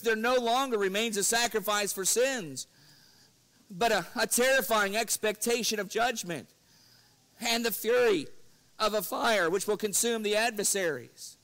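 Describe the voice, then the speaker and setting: A man's voice: moderate pace, fairly bright tone. A man preaching an evening church lesson, earnest, reading scripture with rising force and chuckling through personal stories. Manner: earnest, rises in pitch and force when quoting scripture; breaks into chuckles while telling stories.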